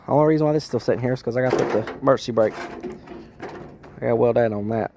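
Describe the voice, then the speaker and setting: A man's voice: mid-range voice, fairly quick, noisy background. A man, a car restorer, ranting in a frustrated way about bad parts in his garage workshop.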